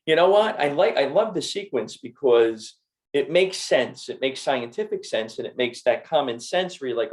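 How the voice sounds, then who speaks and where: A middle-aged man hosting a health podcast, telling stories in an animated, repetitive way. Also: mid-range voice, normal speed. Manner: animated storyteller, repeats words. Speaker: podcast host and doctor. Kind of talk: casual interview chat.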